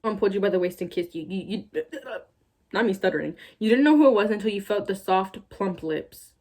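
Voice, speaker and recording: A woman's voice: mid-range voice, brisk, a little mellow. A woman YouTuber reading fan fiction aloud and breaking off for sarcastic, exasperated asides.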